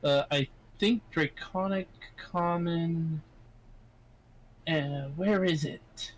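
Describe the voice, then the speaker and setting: A man's voice: fairly high pitch, drawn-out words, a little hiss or hum, low-quality recording. A man playing in a tabletop game, hesitant and thinking aloud as he talks. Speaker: player. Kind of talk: tabletop game chat over voice call.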